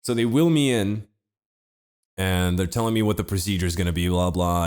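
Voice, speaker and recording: Young adult man, very low voice, deadpan comic storyteller on a podcast. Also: a little fast, smooth. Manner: deadpan, laid-back storytelling with wry asides. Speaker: podcast co-host. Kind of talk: casual comedic storytelling.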